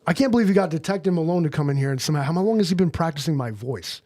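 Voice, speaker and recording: A man's voice: on the high side, animated, rapid-fire, dark tone. A man rambling through an improvised comedy livestream, crude and loose, leaning on "like" and "you know".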